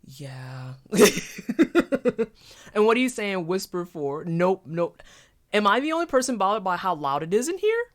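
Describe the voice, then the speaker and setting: Playing a game on a live stream, this streamer chats casually with the audience, offering thanks to supporters and slipping in playful asides. The mid-range voice is sing-song and measured in pace.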